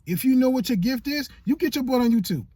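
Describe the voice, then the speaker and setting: A man's voice: very high voice, lively intonation, quick pace, mellow, slightly rough, no room sound, studio quality. A man giving motivational vlog talk as a YouTube coach, preachy and repeating phrases for emphasis.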